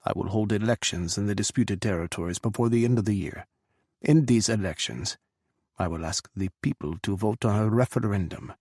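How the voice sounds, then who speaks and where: A man's voice: on the low side, fairly quick, darkish tone, husky, dry recording, studio quality. A man putting on a sly Russian president. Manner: smirking, easy, cutting. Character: scheming restless male Russian president.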